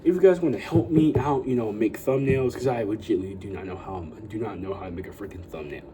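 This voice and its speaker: A young male YouTuber with a lowish voice talks fast over background noise. In a casual vlog, he rambles to his viewers, constantly dropping "you know" and "like" while hyping them up.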